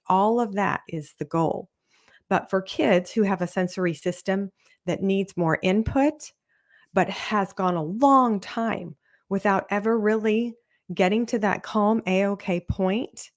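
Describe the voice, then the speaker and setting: A woman parenting coach hosting her own podcast, explaining earnestly and briefly acting out the quoted words of children and parents. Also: medium pitch. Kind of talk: solo podcast talk.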